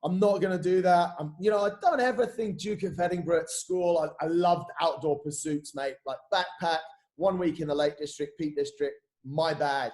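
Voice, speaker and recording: A man, a podcast guest and coach telling stories in casual, animated chat, swearing and saying "mate" a lot. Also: fairly high pitch, normal speed.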